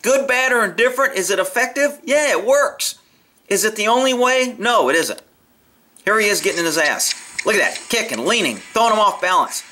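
Brief: male video commentator, high and bright, blunt and profane, casual opinionated delivery. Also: expressive, brisk. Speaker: video commentator on horse training.

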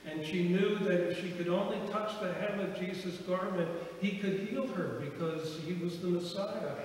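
A man's voice: sits high, normal speed, a little hiss or hum. Man preaching in an echoey church. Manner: storytelling, acts out quoted voices. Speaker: pastor. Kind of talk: sermon. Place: church sanctuary. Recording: echoey church hall from far off.

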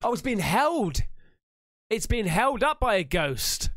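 A man's voice: high-pitched, slow pace, music in the background. A young English man hosting a reaction video, swearing and joking in casual banter. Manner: excitable, swearing, jokey banter.

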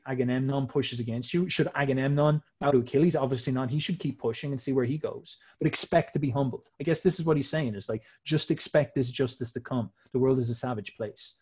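A man's voice: mid-range voice, a little fast, hardly any pauses, a little mellow, husky. A man talking casually and emphatically, explaining old myths in slangy, swearing speech.

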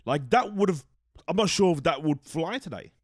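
Stammering man, slightly high voice, dry sound. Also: animated, normal speed, husky, no room sound. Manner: stammering, repeats words as he starts. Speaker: podcast co-host. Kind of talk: casual chat.

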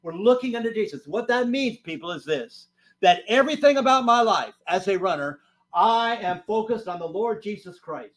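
A fairly high-pitched man preaches a sermon in a church, spinning a story for the congregation. He pushes some lines out loud and drops to a near hush on others, always animated. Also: moderate pace. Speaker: pastor. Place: church sanctuary.

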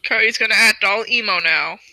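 A woman's voice: mid-range voice, a little fast, pushed and bright, dry recording, rough recording. A woman hosting a reaction video, tossing sarcastic, mocking comments at the clip.

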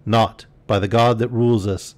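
A man voicing an old would-be knight who speaks in a grandly formal, declaiming way, raised above his usual pitch. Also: steady tone, normal speed, a little mellow, natural voice. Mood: angry. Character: proud, indignant old would-be knight, male.

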